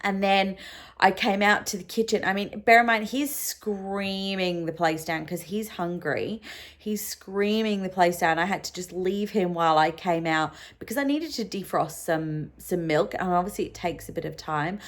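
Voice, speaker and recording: A woman's voice: mid-range voice, normal speed. A young woman, a solo mum, talking openly and emotionally in a personal vlog, with lots of ums and likes. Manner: open and emotional, many fillers. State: sleep-deprived.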